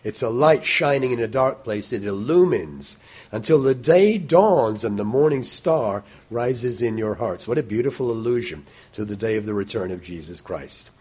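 A man preaching a sermon in a measured way, slowing down to stress scripture and lifting his voice when he quotes it. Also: medium pitch, animated, darkish tone, husky.

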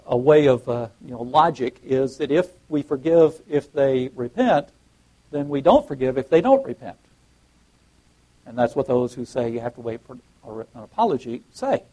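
A man's voice: fairly high pitch, a little mellow, low-quality recording. A man preaching a sermon and reading scripture aloud, often restarting his phrases and rising emphatically on key words.

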